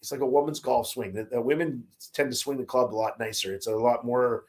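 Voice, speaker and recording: A man's voice: mid-range voice, steady tone, a little fast, a little mellow. A man co-hosting a casual sports chat, rambling with lots of fillers and restarts. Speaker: podcast co-host. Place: Caribbean, remote.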